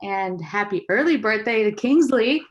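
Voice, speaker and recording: A woman's voice: medium pitch, lively intonation, normal speed, slight background noise. A woman with a mid-range voice puts a friendly, polite question to a guest over a video call. Her audio comes through somewhat muffled. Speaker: caller.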